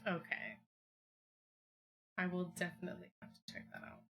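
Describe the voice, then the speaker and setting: A woman's voice: fairly low pitch, normal speed. Rambly young woman streamer chatting. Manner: rambling, filler-heavy, excitable bursts. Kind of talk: casual chat with viewers.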